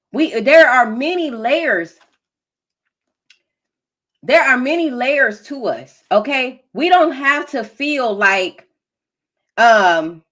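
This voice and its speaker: A woman's voice: high voice, fairly bright tone. A woman giving an emphatic, preachy collective tarot reading, laughing often. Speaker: tarot reader.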